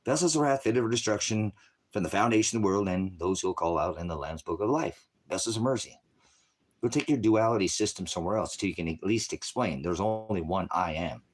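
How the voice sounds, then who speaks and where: A man preaching in a rambling, combative rant, swearing heavily, lurching from shouted bursts to low mutters. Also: a little fast. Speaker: independent ministry preacher. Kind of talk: profane religious rant.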